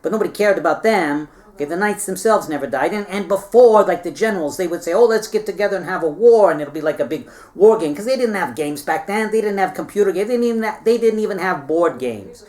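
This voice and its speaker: A man's voice: sits high, lively intonation, fast talker, darkish tone. A man telling a history story in a meandering, chatty way, with playful asides and frequent check-ins with his listeners. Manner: chatty, meandering, keeps checking in with "all right?". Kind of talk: rambling casual history retelling.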